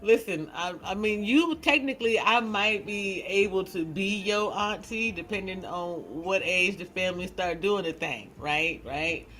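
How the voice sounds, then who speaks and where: A woman hosting a casual livestream. She chats in an animated, teasing way, laughs often, and restarts her sentences a lot. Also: mid-range voice, a little slow, hardly any pauses, slight background noise, poor audio. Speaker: livestream host.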